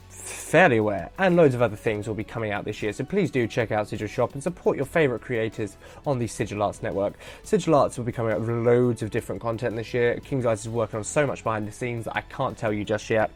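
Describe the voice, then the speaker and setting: Rambling, animated male podcast host. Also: mid-range voice, no echo. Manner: rambling, animated, self-correcting, swears casually. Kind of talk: solo podcast episode commentary.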